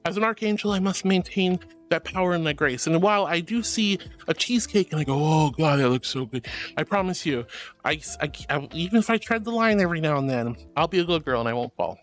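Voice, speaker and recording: A woman's voice: lowish voice, animated, fast, faint music behind. A woman streaming live and chatting with her viewers, playful and theatrical, calling them darling and honey. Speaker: virtual streamer.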